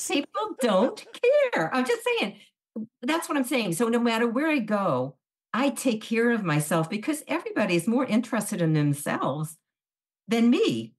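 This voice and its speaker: A middle-aged woman, a guest in a casual podcast interview, talking in a chatty, animated way and acting out what people said to her. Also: a little high, moderate pace, slightly rough. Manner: chatty, animated storyteller acting out quoted dialogue.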